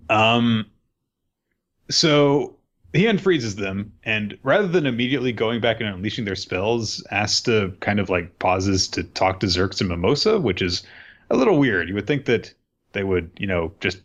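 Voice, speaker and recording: A man's voice: low voice, fairly bright tone, muffled recording. A man co-hosting a podcast, recapping manga chapters in rambling casual chat and acting out the characters' lines. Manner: rambling, filler-heavy, acts out quotes.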